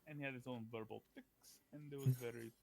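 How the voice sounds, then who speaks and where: A man chatting casually as a tabletop player, reflective but emphatic. He often punches a word with a sudden loud stress. His voice sits at an ordinary middle pitch. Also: steady tone, a little fast, gravelly, no room sound. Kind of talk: casual chat.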